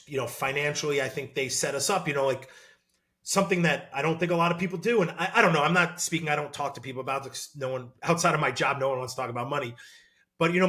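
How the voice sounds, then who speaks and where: A mid-range-voiced man in his thirties, once a college football player, appears as a guest in a casual podcast interview. He talks in an animated, excitable way, packing his speech with fillers.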